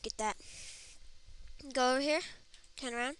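A woman's voice: on the high side, normal speed, sharp tone, smooth. A woman giving goofy, rambling commentary on her gameplay, humming silly sound effects between lines. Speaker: game video player.

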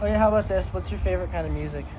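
A man's voice: sits high, very fast, background noise. A young man hosting outdoors, teasing his guest with joking questions in casual chat. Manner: teasing interviewer. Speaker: host.

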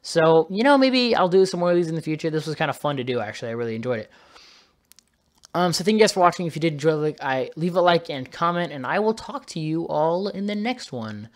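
A man's voice: a little high, quick pace. Young man chattering over gameplay. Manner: chatty, calls out moves excitedly, says "dude" and "bro". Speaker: gaming YouTuber. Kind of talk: casual gameplay commentary.

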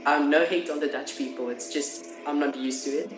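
A man's voice: a little high, fairly even intonation, fairly quick. A man with a South African accent in a casual video chat, talking loosely and hesitantly with many fillers. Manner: rambling, hesitant, lots of fillers and laughs. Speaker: chat partner. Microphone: video call. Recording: echoey room with music behind.

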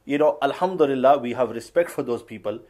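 A man from England, co-hosting with animated, mocking banter. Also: mid-range voice, fast. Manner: animated, laughing along, mocking. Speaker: co-host.

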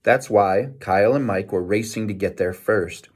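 A man reading a children's novel aloud in a lively storytelling manner, with small self-corrections. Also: lowish voice, moderate pace, husky. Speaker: reader.

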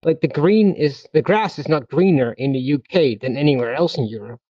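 A man's voice: fairly high pitch, animated, fairly quick, mellow, no echo, highs cut off. A man in a casual chat, talking bluntly and with exasperation, ranting as co-host.

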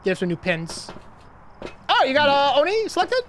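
A man's voice: extremely high pitch, slight background noise. A man chatting casually and teasing his friend while they play a co-op horror game together. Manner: teasing, quick and animated. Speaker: gaming streamer.

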